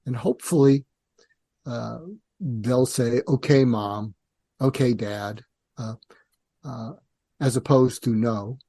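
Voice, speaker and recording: An older man, a psychiatrist guest, explaining calmly and in a measured way in an interview, sometimes acting out dialogue. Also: medium pitch, vocal fry, breathy edge, dry recording, studio quality. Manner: calm, measured, acts out parent and teen dialogue.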